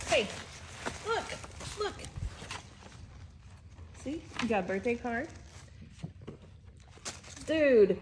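A woman's voice: high-pitched, very animated, very slow, long pauses, roomy sound, noisy background. A woman filming her dogs' birthday at home, talking to them in a sing-song baby-talk voice. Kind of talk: casual home video chat.

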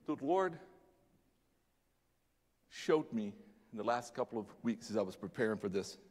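Animated male pastor in a reverberant sanctuary. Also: fairly low pitch, normal speed, breathy edge. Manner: animated, dramatic, casual slang. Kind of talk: sermon. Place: church sanctuary. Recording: long church hall reverb.

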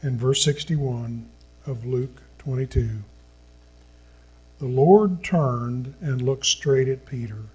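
Mellow husky-voiced male pastor preaching. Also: mid-range voice, low-quality recording. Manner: earnest, slow, drops to a hushed tone at solemn points. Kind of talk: sermon with scripture reading.

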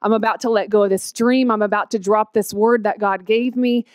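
A woman's voice: medium pitch, fairly even intonation, fairly quick, a little mellow, smooth, no room sound. A woman from in her late thirties, sharing a personal testimony with a chatty, emotional manner full of fillers. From Oklahoma panhandle, USA. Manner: emotional, tearful at times, chatty with many fillers. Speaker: guest speaker.

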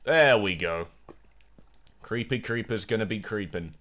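A man's voice: fairly low pitch, a little slow. A young man streaming a video game live, chatting to his viewers and yelping when something startles him. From United Kingdom. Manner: excitable, jokey, talks to chat, yelps when startled. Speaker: gaming livestreamer. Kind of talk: casual live gameplay commentary.

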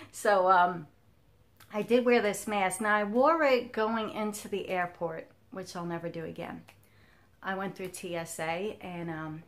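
A woman in her fifties talking candidly to camera as a cross stitch vlogger, telling a personal story and laughing often. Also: on the low side. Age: 50s.

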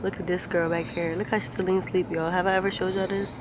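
A woman's voice: fairly low pitch, flat delivery, fast talker. A young woman chatting casually to her viewers while riding in a car, loose and laughing as she tells stories. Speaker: vlogger. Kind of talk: casual chat to camera. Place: in a car on the road. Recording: loud vehicle noise behind voice.

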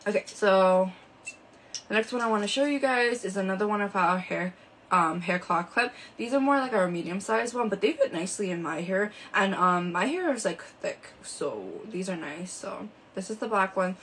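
A woman's voice: mid-range voice, expressive, normal speed, a bit bright, slight background noise, rough recording. A woman hosting a live shopping stream, chatting casually and showing products with lots of fillers, indoors under a ring light.

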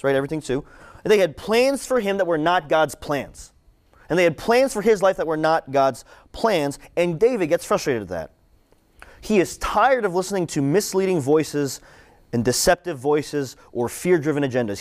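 Animated man preaching to students. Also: on the high side. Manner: animated, repeats questions for emphasis; casual, with fillers like "right?" and "like". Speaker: campus ministry speaker. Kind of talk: conversational sermon to students.

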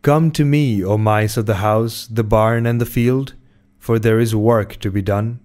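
A man's voice: fairly low pitch, fairly even intonation, takes it slowly, mellow. A man reading a wise magic doll. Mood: calling out. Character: small magic doll, calm and wise, helpful.

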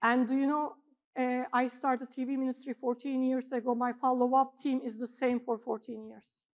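A middle-aged woman pastor, preaching a sermon in an animated storytelling way that swings between loud emphasis and quiet asides. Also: sits high, normal speed.

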